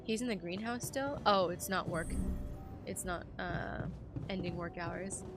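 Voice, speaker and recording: A woman streaming a video game, commenting live and reading the game text aloud, animated and joking, swearing freely. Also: fairly low pitch, a little slow, over music. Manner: animated, swears freely, jokes and reacts loudly.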